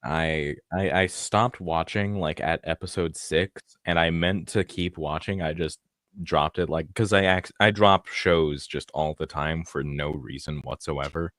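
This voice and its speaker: A man's voice: very deep voice, steady tone, a little slow, fairly bright tone, no room sound, studio quality. A man chatting casually and joking, swearing freely, as a game master among players. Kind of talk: casual chat.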